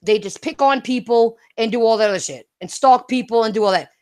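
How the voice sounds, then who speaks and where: A woman's voice: a little high, brisk, a little mellow. A woman hosting a casual gaming talk stream, brash and profane, laughing hard and repeating herself. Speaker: streamer and podcast host.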